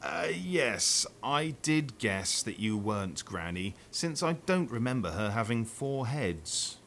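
Guy reading a polite little girl, pretty normal voice, slow and calm. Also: mid-range voice, creaky, slight background noise, heavily acted.

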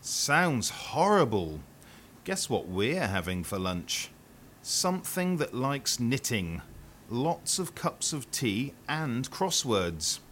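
A boastful, grumpy storybook wolf, voiced by a man who drawls each word slowly and scornfully in a raised voice. His pitch swings widely, with faint room noise behind. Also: sing-song, fairly bright tone.

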